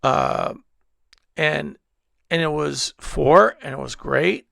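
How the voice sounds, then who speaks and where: A man's voice: a little high, slow pace, vocal fry, a bit bright, no room sound, clean studio sound. A male pastor preaching a sermon at a church service, telling stories in a rambling way with many restarts.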